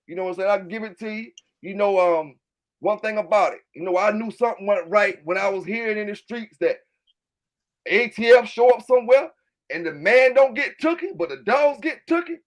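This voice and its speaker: A man with a Southern US accent who hosts his own channel about his dog kennel, ranting loudly and with plenty of swearing to his livestream chat. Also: high-pitched, lively intonation, fairly quick. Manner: loud, fired-up, profane, keeps repeating filler tags. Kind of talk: livestream rant answering chat.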